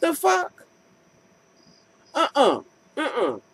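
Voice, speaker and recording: A woman's voice: high-pitched, wildly swooping pitch, extremely slow, low-quality recording. A woman vlogger recapping a TV episode in a casual, profane rant, acting out scenes with incredulous commentary.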